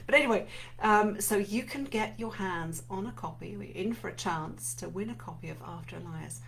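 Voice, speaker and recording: A woman's voice: medium pitch, normal speed, creaky, a bit bright. A middle-aged woman hosting a live book-reading show, chatting enthusiastically and gushing about the book before reading it aloud. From not from North America. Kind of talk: casual live-stream chat and book reading.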